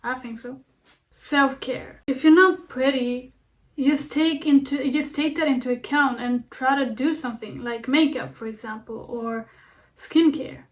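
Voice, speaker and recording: Young female vlogger, high voice, chatty encouraging self-talk with fillers and repeats. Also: fairly even intonation, measured pace. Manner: earnest, repetitive, playful self-talk with fillers. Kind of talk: casual self-help talk to camera.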